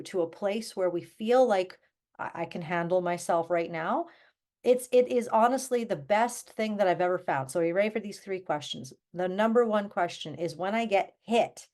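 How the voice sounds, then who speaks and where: A woman's voice: medium pitch, a little mellow. A middle-aged woman hosting her own podcast as a coach, talking in an earnest, candid, chatty way with fillers and restarts. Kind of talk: solo podcast talk.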